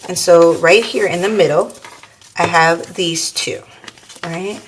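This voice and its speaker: A woman's voice: fairly low pitch, slow, a little hiss or hum. A woman hosting a craft tutorial, chatting casually and thinking aloud as she works, calling her viewers y'all. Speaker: crafting channel host.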